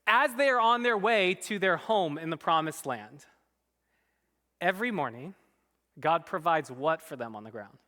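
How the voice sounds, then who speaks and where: A man preaching a sermon as pastor, animated and emphatic, at times dropping to soft, quiet tones. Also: fairly high pitch, normal speed. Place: church sanctuary. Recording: long reverb in a church hall.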